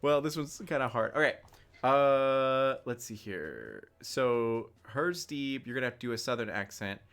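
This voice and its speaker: A man running a tabletop game on a livestream, chatty and quick to laugh. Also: mid-range voice, very animated, creaky, fairly bright tone, clear, resonant tone. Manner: laughing often, loose and chatty. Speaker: game master.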